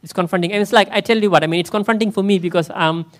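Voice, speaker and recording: A man's voice: sits high, racing. A man in the role of pastor, preaching a conversational sermon in church and often asking his listeners questions. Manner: conversational, asks the congregation questions.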